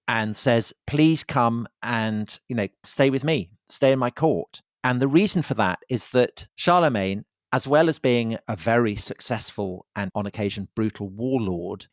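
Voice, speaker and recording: A man's voice: lowish voice, dry recording, clean studio sound. A man co-hosting a history podcast, explaining events in an enthusiastic storytelling way. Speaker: podcast co-host.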